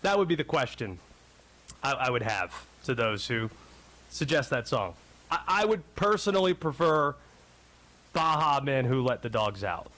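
Animated, wry sports radio host man. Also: mid-range voice, a little slow, pauses often. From North Carolina. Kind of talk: talk radio monologue.

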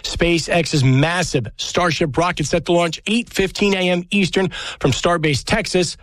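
A man with a high voice reads national radio news headlines. His delivery is crisp and brisk, and the sound is dry and close. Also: a bit bright, no room sound.

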